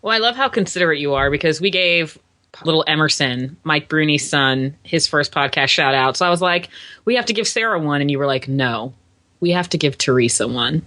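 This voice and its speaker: A woman's voice: deep voice, lively intonation, fairly quick, bright, forceful tone. A woman co-hosting a casual chat podcast who reacts with teasing, playful disbelief. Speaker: podcast co-host.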